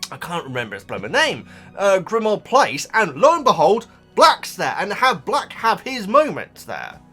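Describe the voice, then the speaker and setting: Guy rambling about a book to his viewers, high voice that jumps around a lot, faint music underneath. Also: fairly bright tone. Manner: rambling, many restarts and asides to viewers. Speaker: vlogger reacting to a book. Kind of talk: casual rambling chat.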